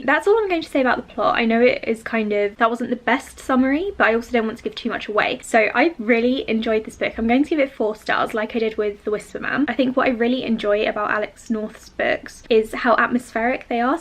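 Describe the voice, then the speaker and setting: A young woman from the UK chatting excitedly in a casual vlog, gushing and emotional as she talks about books. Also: on the high side. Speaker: book vlogger.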